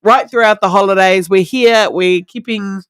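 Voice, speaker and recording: A man with a high voice and a New Zealand accent chats loosely and giggles between lines as a radio co-host. The studio sound is dry and close, with nothing else behind him. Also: steady tone, normal speed, fairly bright tone, smooth, no echo. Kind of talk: casual radio banter.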